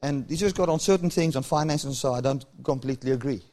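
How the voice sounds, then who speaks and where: A man's voice: mid-range voice, quick pace, warm tone. A man from Africa, preaching a sermon and telling stories with chuckles while acting out dialogue. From South Africa.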